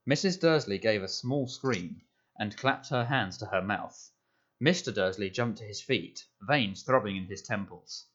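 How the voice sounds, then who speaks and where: Low-voiced man narrating a storybook. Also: expressive, a bit bright. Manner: measured storytelling. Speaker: audiobook narrator. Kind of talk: scripted narration. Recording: dull lo-fi audio.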